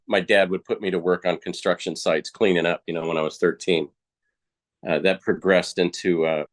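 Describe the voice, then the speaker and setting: A man, a podcast guest, telling his personal story in a frank, colloquial, plainspoken way. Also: low voice.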